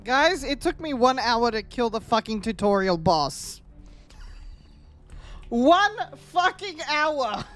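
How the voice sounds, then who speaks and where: A woman streaming a game, chatting with viewers and cursing loudly at enemies as she plays. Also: fairly high pitch, expressive, normal speed, few pauses, soft background music. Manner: profane, trash-talks enemies while playing; chats with viewers between fights. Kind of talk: live gameplay commentary.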